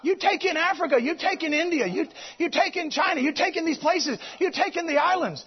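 A man preaching a sermon to his congregation, swinging between loud exclamations and quiet, low passages. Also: brisk. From United States. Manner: animated preaching, swings between shouting and hushed. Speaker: pastor. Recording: dull lo-fi recording.

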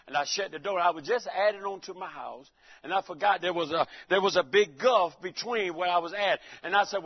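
A high-voiced man preaching in a church with a folksy, joking manner, calling out to his listeners and breaking into shouts. The recording sounds dull and lo-fi. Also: a little fast, husky. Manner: folksy, joking, calls out to the congregation. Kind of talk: sermon.

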